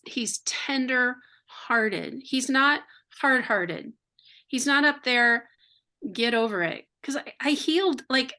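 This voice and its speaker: An older American woman sharing her faith testimony as an interview guest, earnest and heartfelt, sometimes rushing through words. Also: high-pitched, pushed and bright. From United States. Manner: earnest and heartfelt, quick bursts.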